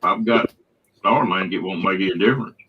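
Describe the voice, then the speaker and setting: A man's voice: deep voice, brisk, highs cut off, a loud crowd. A man hosting a live-stream chat, easygoing and folksy. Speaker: stream host.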